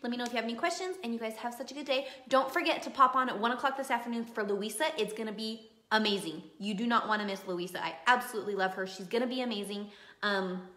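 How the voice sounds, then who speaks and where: A woman's voice: fairly high pitch, quick pace, bright, forceful tone, echoey room. A woman running a live online class, chatting, reading viewer comments and cheering students on in a gushing, motivational way. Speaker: online course instructor.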